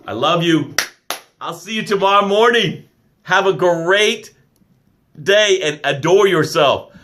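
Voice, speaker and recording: A man's voice: high-pitched, lively intonation, slow pace, a bit bright. A man running a motivational live stream as a business coach, reading out viewer comments and talking emphatically and affectionately.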